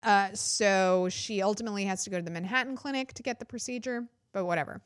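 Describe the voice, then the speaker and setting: Woman podcast host, casual and profane, animated mock quotes, dry close mic. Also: medium pitch, fast talker, clean tone, no echo. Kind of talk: casual political comedy podcast monologue.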